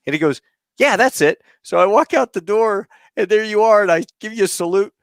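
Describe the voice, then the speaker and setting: A man hosting a casual interview, telling anecdotes with lively energy. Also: high voice, fast, creaky, no echo. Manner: lively storyteller, animated when telling anecdotes. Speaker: podcast host.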